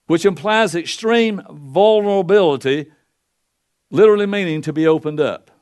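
An older pastor preaching a folksy sermon into a pulpit microphone, swinging between loud and soft. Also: male voice. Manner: folksy preaching with wide swings in pitch and loudness.

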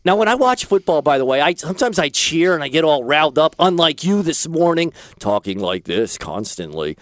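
A man's voice: fairly high pitch, brisk, fairly bright tone, dry recording, studio quality. A man hosting a talk show in casual chat, rambling and joking, drifting into preachy asides.

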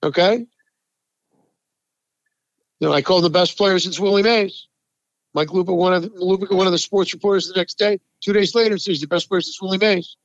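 A man from the New York area co-hosts a sports talk show, ranting hard and swearing freely. His voice sits high for a man. The recording is dry and a little muffled. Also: steady tone, brisk, long pauses, dry recording. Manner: ranting, profane, emphatic, heated. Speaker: sports talk podcast co-host. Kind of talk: heated sports talk chat.

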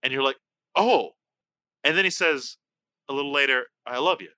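Young guy podcast cohost, super bright forceful voice, dry sound, gets real personal. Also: medium pitch, fast talker, clean tone, no room sound. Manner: animated, open, emotional. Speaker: podcast co-host. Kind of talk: casual podcast chat.

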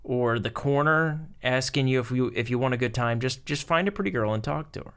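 A man's voice: medium pitch, a little fast, fairly bright tone, clean tone. A middle-aged American man co-hosting a podcast, joking and rambling through stories in a casual chat. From United States. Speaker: podcast co-host.

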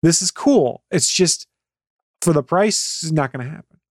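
Man, tech podcast co-host, slightly high voice, animated opinions, dry close mic. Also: moderate pace, no echo. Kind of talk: casual podcast chat.

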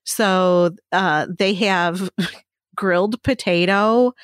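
A woman co-hosting a podcast, telling stories in an animated way and swearing freely. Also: mid-range voice, very slow, clean tone, no room sound, clean studio sound. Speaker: podcast co-host. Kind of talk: casual chat. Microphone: studio microphone.

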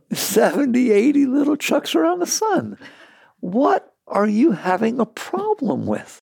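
A man giving a spiritual talk to an audience, animated and rhetorical, with laughing asides. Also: sits high, vocal fry, husky, dry recording, clean studio sound. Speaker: spiritual teacher.

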